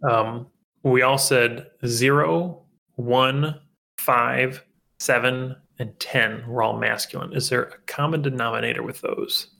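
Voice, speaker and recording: Man, gravelly, bright tone, podcast co-host, playful, musing. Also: mid-range voice, steady tone, slow pace. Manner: playful and musing, trails off into fillers. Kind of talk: casual chat.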